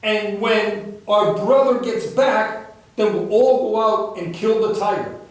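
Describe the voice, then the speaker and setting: A whiny, evasive young prince, as a man telling a dharma story puts him on, complaining slowly in a high-set voice. A strong echo fills the room, and the mic is far away. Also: fairly even intonation.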